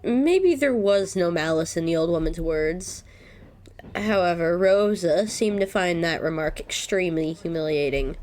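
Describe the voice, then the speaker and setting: A young woman reading a visual novel aloud as a let's-play host, breaking off with loud reactions. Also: lowish voice, unhurried, a little hiss or hum. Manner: expressive, reacts loudly.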